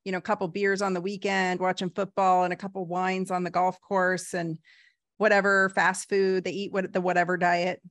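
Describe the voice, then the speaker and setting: A woman's voice: normal speed, no room sound. A woman in her forties, a doctor talking frankly and energetically as a guest in a casual interview. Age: 40s. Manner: lively, frank, uses emphatic "boom" and laughs.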